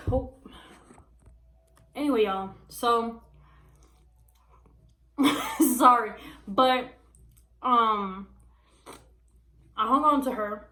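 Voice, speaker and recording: A woman vlogger chats to her viewers, calling them y'all and filling her story with "you know what I mean". Her voice sits a little high, and the room around her rings with a noticeable echo. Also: drawn-out words, pauses often, pushed and bright. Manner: chatty, addresses viewers as y'all, many fillers. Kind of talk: casual storytelling to camera. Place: small room at home.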